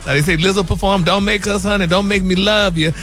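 Flamboyant guy dishing celebrity gossip on morning radio, high bright voice, sassy, keeps laughing. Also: fairly even intonation, fast talker, soft background music. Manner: flamboyant and sassy, laughing, calls everyone honey and baby. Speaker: celebrity gossip segment host. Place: radio studio.

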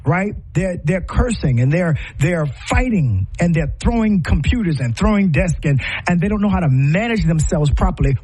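A middle-aged man hosting a talk show delivers impassioned, preacher-like commentary. His voice is husky and sits fairly high, and it swings widely in pitch as he builds through rhetorical questions and repeated lines. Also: a little mellow.

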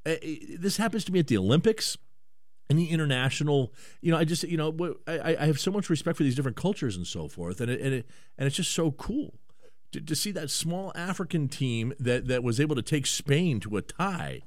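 A man hosting a talk radio show, animated and rambling, often stammering and repeating words. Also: a little high, a little fast, no echo, studio quality. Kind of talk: casual talk radio banter.

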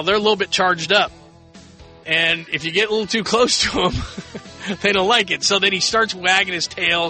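A man's voice: fairly high pitch, bright, forceful tone. A man hosting a late-night sports radio show from a studio, chatting loosely with plenty of fillers and restarts. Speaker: radio sports talk host.

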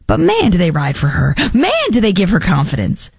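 A woman's voice: lowish voice, huge pitch swings, fairly quick, creaky, a little mellow, slightly rough, no echo, clean studio sound. A woman hosting a political talk show, giving opinionated commentary with sarcastic asides and mocking put-on quotes. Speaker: podcast host.

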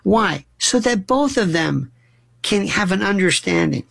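Radio host, male, middle-aged; gravel in the voice, dry close sound, impassioned storyteller. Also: sits high, lively intonation, a little slow, fairly bright tone, dry recording. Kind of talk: talk radio monologue.

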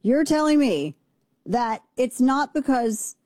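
A woman's voice: high voice, expressive, slow, darkish tone, dry recording. A woman hosting a radio talk show, sassy and sarcastic, rattling off opinions with slang in a studio.

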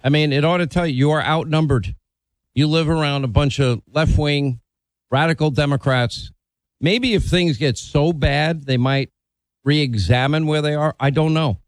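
A man's voice: a little high, moderate pace, dry recording. A middle-aged man hosting a call-in radio talk show, blunt and opinionated, teasing his callers.

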